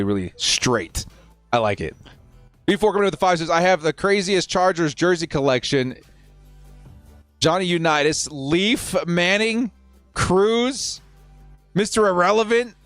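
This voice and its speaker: A man's voice: mid-range voice, fairly bright tone, dry recording. A young man casually chatting with his viewers while hosting a live football watch-party stream, answering their questions in a laid-back way.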